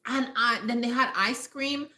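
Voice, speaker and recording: A woman with a bright, sharp, fairly high voice gives casual live-stream health advice from home. She talks emphatically, hammers her points home by repeating them, and speaks straight to her viewers. The room sounds echoey. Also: steady tone, a little slow. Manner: emphatic and repetitive, addressing viewers directly. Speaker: health talk host.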